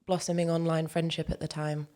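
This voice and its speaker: A British woman conducts an interview, putting her questions gently and carefully. Her voice sits a little low for a woman, and she speaks in a calm, even way. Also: fairly quick.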